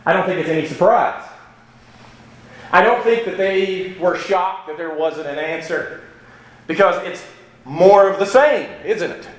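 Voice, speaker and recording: A man's voice: high-pitched, unhurried, long pauses, echoey room, low-quality recording. A man preaching a sermon in a conversational way, often checking in with his listeners through rhetorical asides. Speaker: pastor.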